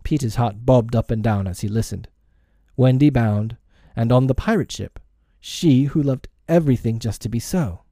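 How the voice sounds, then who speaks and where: A man narrating a storybook aloud in a measured, expressive reading. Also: mid-range voice, no echo, studio quality. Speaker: audiobook reader.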